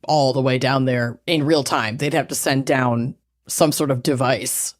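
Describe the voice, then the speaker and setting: A woman's voice: extremely low pitch, fairly even intonation, a little slow. A woman co-hosting a podcast in casual chat, swearing freely and reacting with short interjections. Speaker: podcast co-host.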